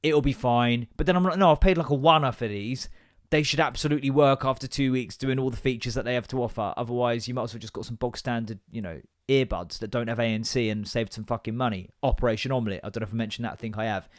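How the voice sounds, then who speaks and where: A podcast host in his thirties barrels through a comic rant at a quick pace, sweary and exasperated, often swinging into mocking voices. His medium-pitched voice is close-miked in a dry, dead room with no room sound.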